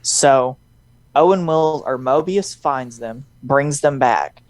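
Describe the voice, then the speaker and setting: A woman's voice: a bass voice, slow pace, darkish tone, dry recording. A woman co-hosting a podcast, rambling and laughing often in casual chat. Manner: rambling, laughs often, drops into jokey voices. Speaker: podcast co-host.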